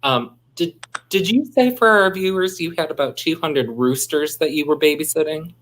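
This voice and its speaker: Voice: mid-range voice, normal speed, fairly bright tone, a little hiss or hum. A host of an online interview show who stammers and repeats words as he starts his questions. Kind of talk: casual interview.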